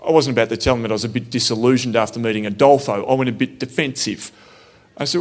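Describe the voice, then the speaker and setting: A man speaks at an ordinary middle pitch, recounting his own story in a plain, earnest way. He sounds reflective and conversational, with easy pauses rather than polish. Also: expressive. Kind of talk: personal storytelling talk.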